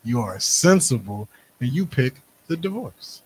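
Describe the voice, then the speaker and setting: A man's voice: mid-range voice, sing-song, measured pace, a little mellow, breathy edge. A man co-hosting a comedy podcast, riffing bluntly with profane jokes. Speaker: podcast co-host. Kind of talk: crude comedic podcast chat.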